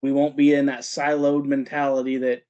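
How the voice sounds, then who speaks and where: A male podcast host chats with his guest, often stopping and repeating words as he works toward his point. His voice sits at a middle pitch, and the audio is a bit dull. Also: flat delivery, moderate pace, dark tone. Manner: hesitant, repeats words while building a point. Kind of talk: casual interview chat.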